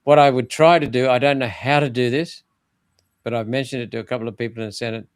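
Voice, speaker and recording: A man's voice: mid-range voice, steady tone, fast talker, clean tone, no room sound. An older man, speaking bluntly and emphatically in an interview, often restarting his phrases. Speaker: former senator interviewed as guest. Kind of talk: political interview talk.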